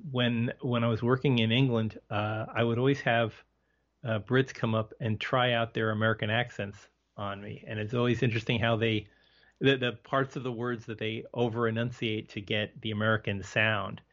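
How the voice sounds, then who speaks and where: A man's voice: mid-range voice, flat delivery, moderate pace, a bit bright. Chatty male podcast guest, muffled. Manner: chatty, hesitant, many fillers and restarts. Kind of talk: casual movie discussion. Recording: slightly muffled lo-fi recording.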